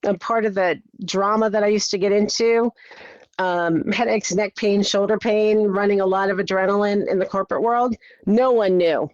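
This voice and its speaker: Middle-aged lady guest, lively storyteller, kinda muffled dull audio, dry. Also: medium pitch, moderate pace, dry recording. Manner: animated storyteller, acts out her own thoughts. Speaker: podcast guest. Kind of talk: conversational interview.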